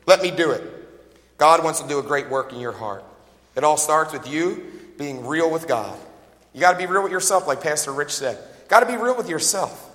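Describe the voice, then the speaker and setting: A man preaching in a large auditorium, his high, bright voice rising into emphatic calls to the congregation. Long hall reverb trails behind each phrase. He is folksy, slipping in joking asides between the shouts. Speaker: pastor. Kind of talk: sermon.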